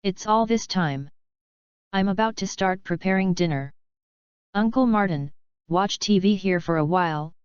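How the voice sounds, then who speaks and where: A woman's voice: lowish voice, moderate pace, clear, resonant tone, dry recording, close to an everyday voice. A woman voicing a cheerful, bossy young robot girl, with a scolding-then-chirpy delivery. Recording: dull lo-fi recording.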